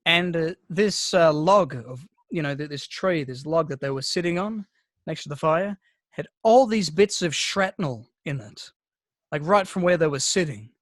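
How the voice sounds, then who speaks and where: A podcast co-host chats casually, rambling through stories with heavy swearing and many restarts. His voice is fairly high and fairly bright, with lively intonation at normal speed, in a dry, studio-quality recording.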